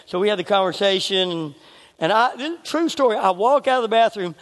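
A middle-aged man, preaching a sermon as pastor and telling stories with animated asides. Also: sits high, fast talker. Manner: storytelling, animated, chuckling asides. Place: church sanctuary. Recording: long reverb of a church hall.

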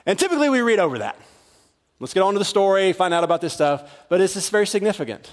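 A man's voice: high voice, very animated, quick pace. A middle-aged male pastor preaching a sermon in a conversational style, repeating words as he builds, in a large church hall. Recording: long hall reverb.

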